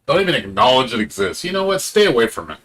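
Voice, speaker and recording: A male streamer rants off the cuff with plenty of swearing, and his voice sits at an ordinary, mid-range pitch. He talks in a sarcastic, exasperated way and drops into mocking impressions of other people. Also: big pitch swings, fast, fairly bright tone, slight background noise. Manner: profane, sarcastic, mocks others in put-on voices. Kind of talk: casual ranting commentary while streaming.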